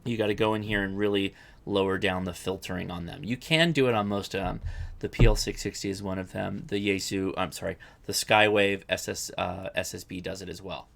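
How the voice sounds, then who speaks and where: Gravelly-voiced man hosting a live Q&A. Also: low voice, steady tone, a little fast, fairly bright tone. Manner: chatty, rambling, self-correcting. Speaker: livestream host answering viewer questions. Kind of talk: casual live-stream Q&A.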